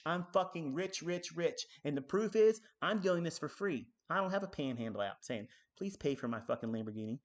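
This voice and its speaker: A man teaching trading on a live stream, ranting in a profane, combative way, swinging between loud outbursts and low muttering.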